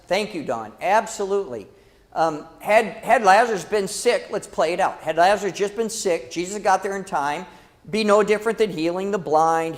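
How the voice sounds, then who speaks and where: High-voiced lively man leading a Bible class. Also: in a large hall. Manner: lively, dramatic, calls out to the class. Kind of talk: church Bible class teaching. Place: church hall.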